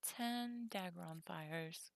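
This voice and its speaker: A woman's voice: lowish voice, drawn-out words, creaky. A woman streaming live, chatting playfully while she sorts and counts trading cards, dropping to a whisper to count. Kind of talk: casual live-stream chat.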